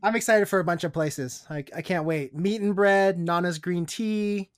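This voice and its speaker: A woman's voice: on the low side, moderate pace, dry recording, clean studio sound. A woman from the Seattle area hosting a casual podcast, chatty, laughing often and trailing off into fillers. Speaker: podcast host.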